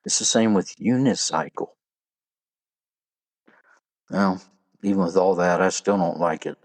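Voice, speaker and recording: A man's voice: deep voice, measured pace, darkish tone. A man hosting a solo podcast, sharing trivia and jokes in a folksy, casual way. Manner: folksy, joking delivery with trivia. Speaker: podcast host.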